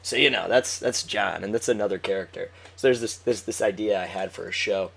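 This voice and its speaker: A man's voice: lowish voice, brisk, gravelly, a bit bright, husky. A man chatting casually with a friend, rambling and swearing with lots of fillers. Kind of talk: casual chat.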